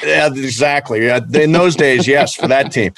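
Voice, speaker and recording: A man in casual conversation, telling a lively anecdote with energy. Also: medium pitch, normal speed, no echo. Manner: animated storyteller, shouts in impressions. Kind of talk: casual chat.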